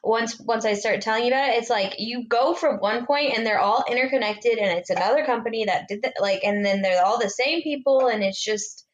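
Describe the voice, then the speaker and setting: A woman co-hosting a podcast, explaining things in casual chat with many ums and pauses. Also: a little high, lo-fi sound. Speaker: podcast co-host.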